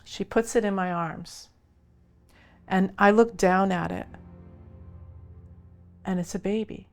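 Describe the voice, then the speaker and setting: A woman slowly recounting her own experience in a deliberate, present-tense way. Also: mid-range voice, fairly even intonation, faint music behind. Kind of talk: recounted personal narrative.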